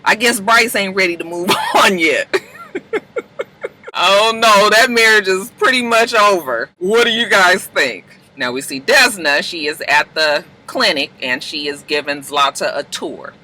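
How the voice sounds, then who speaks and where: A woman's voice: mid-range voice, lively intonation, unhurried, pushed and bright, poor audio. A woman casually recapping a TV episode as a reviewer, chatty and slangy, breaking into laughter often.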